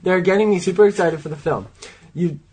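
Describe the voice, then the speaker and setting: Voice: medium pitch, brisk, a little mellow, husky, rough recording. Joking co-host reading listener mail. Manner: joking, blunt. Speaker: podcast co-host. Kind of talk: casual podcast chat.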